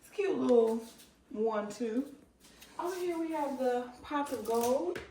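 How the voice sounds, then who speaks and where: A woman with a mellow, slightly high voice leads a chatty tour of her home decor. She points things out as she moves around, in a room with an echoey sound. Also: animated, measured pace, a little hiss or hum.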